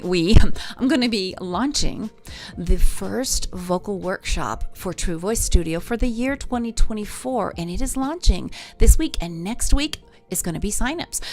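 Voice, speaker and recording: A woman vocal coach talking on a livestream, encouraging her viewers and reading their comments aloud. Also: medium pitch. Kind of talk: live-stream coaching talk.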